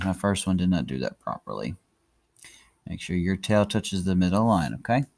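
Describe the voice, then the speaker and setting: A handwriting teacher narrates a lesson as he writes, casual, chatty, and encouraging in a tutorial style. His voice sits on the low side with vocal fry.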